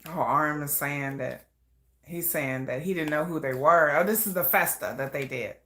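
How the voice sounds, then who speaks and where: A chatty woman talks through a live reaction stream, her voice sitting a little low for a woman. She rambles loosely, trails off into soft asides, then pops up into excited, animated bursts. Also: moderate pace. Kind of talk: casual live reaction commentary.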